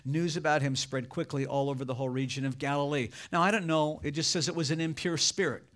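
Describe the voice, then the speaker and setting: Pastor, male, high-pitched preacher, fervent sermon delivery, acts out voices. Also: steady tone, fast, fairly bright tone. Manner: preaching with rising fervor, acting out quoted voices.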